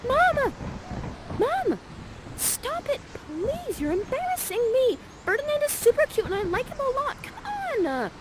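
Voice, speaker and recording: A woman's voice: very high-pitched, wildly swooping pitch, measured pace, noisy background, pitched above the performer's own voice, full character voice. A woman voicing a gushing, lovestruck young princess in a breathless, swooning, theatrical way. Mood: pleading.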